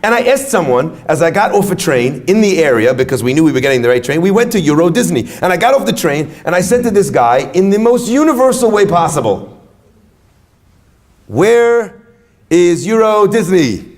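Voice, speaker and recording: A man whose voice is a little high talks fast while giving an inspirational speech at a retreat. Animated and full of stories, he jokes around with the crowd.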